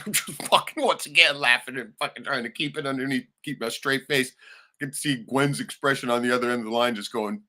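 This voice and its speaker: A man's voice: medium pitch, fast, bright, forceful tone. A man hosting a livestream, ranting heatedly and swearing, with laughing asides. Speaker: livestream host.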